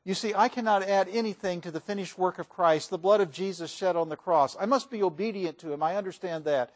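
A man preaching a sermon in a church, folksy and emphatic, rising and falling in loudness for emphasis. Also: high-pitched, fairly quick.

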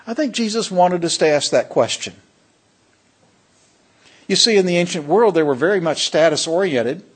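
A man preaching a sermon in a fairly high voice. He leans hard on key words and throws questions out to the congregation. His delivery is emphatic and pastoral. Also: husky.

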